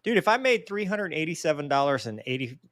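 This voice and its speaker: Talking fast in a fairly high voice, a host in his forties runs a casual live Q&A, going through viewer mail with animated, self-deprecating jokes. The studio sound is clean, with no room sound.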